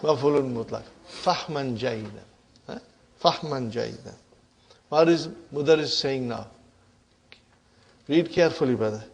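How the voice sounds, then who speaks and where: A man's voice: mid-range voice, unhurried, creaky, pauses often, husky. A middle-aged man teaching an Arabic grammar class in English, often checking whether the students follow and laughing between points. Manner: repeats "are you with me" and "huh" to check the class.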